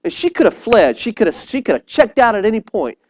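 High-voiced preacher. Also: male voice, brisk, slight background noise, poor audio. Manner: animated storyteller, repeats words and phrases; earnest, appeals directly to listeners. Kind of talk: sermon.

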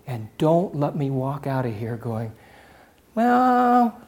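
A man preaching a sermon, swinging from loud impassioned declarations to hushed, almost whispered appeals. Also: mid-range voice, a little slow. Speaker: pastor.

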